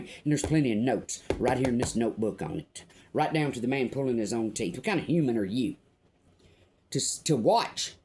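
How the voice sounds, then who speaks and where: An older woman from Louisiana ranting to camera as a vlogger, blunt, indignant and profane, with slow emphatic pauses. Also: very deep voice, darkish tone. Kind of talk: angry personal rant to camera.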